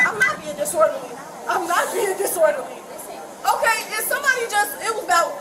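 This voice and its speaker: A young woman from the American Midwest, loud and defiant, arguing with police at an airport, caught on a bodycam. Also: very high-pitched. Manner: loud, defiant, talks over others. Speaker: angry airline passenger. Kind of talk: heated argument with police. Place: busy airport terminal. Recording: bodycam audio in noisy crowd. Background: loud crowd chatter.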